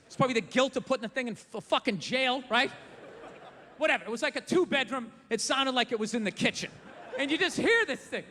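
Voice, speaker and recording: Male stand-up, profane and exasperated, sharp high voice, faint room noise. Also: expressive, fairly quick. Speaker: stand-up comedian. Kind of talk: stand-up comedy set. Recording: live hall reverb, faint noise.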